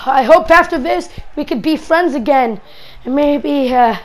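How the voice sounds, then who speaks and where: A woman voicing a cocky male wrestling champion in a game, speaking his lines in a lower, quieter, smug tone. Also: measured pace.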